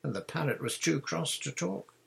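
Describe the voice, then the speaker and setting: A man's voice: fairly high pitch, lively intonation, vocal fry, a bit bright, husky, pitched above the performer's own voice, exaggerated voice. A man voicing a bossy girl captain. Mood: excited. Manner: commanding, brisk, dramatic.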